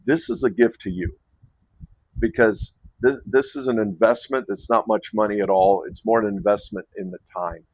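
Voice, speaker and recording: Low-voiced man rambling warmly. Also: normal speed, no room sound, low-quality recording. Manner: rambling, restarts and self-corrections, chuckles. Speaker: men's retreat host. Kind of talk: casual invitation to camera.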